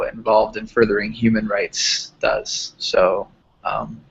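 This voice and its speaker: A man's voice: medium pitch, vocal fry, fairly bright tone, a little hiss or hum. A man hosting a live online Q&A, politely thanking the guest and viewers as he wraps up. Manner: polite, thankful, loose wrap-up. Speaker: host. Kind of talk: closing a live Q&A. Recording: muffled lo-fi livestream audio.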